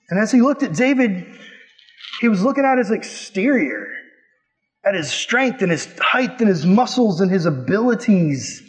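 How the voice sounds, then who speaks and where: Male youth pastor, high voice, playful slangy sermon delivery. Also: sing-song, moderate pace. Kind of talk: casual preaching on a Bible story.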